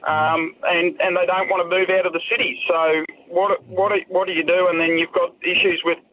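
A man's voice: high voice, level tone, fairly quick. An Australian man calling a talkback radio show, blunt and full of rhetorical questions. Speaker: caller. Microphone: telephone. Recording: tinny phone line.

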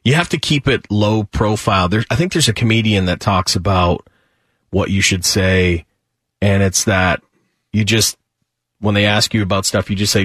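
A man's voice: fairly low pitch, normal speed, fairly bright tone, breathy edge, dry recording, clean studio sound. A man co-hosting a radio talk show, telling stories in casual banter and laughing as he jokes. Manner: laughing, joking storyteller.

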